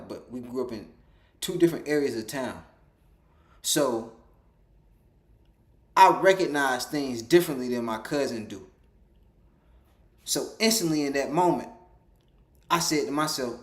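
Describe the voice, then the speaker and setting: Male storyteller, casual rambling monologue, lively delivery, reverberant room. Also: medium pitch, moderate pace, pauses often. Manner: rambling, animated, acts out quoted dialogue. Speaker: storyteller vlogger.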